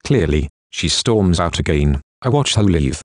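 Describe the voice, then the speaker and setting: A man giving steady, measured first-person audiobook narration. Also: deep voice, no room sound, clean studio sound.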